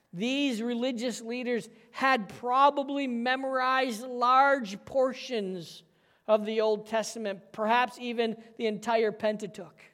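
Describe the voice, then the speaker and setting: A pastor delivering a sermon, emphatic and forceful, dropping to a quiet, intense hush for key points. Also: male voice, very high voice, in a large hall.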